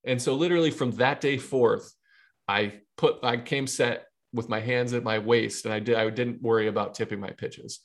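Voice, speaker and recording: Man telling a lively baseball story. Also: mid-range voice, normal speed. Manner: animated storyteller acting out dialogue, laughing. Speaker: podcast co-host and former baseball pitcher. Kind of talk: casual podcast chat.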